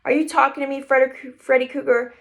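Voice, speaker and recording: A woman's voice: high-pitched, little pitch movement, fast talker, fairly bright tone. A woman voicing a big, mocking bully boy in a storybook reading. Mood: jeering. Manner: mocking, jeering.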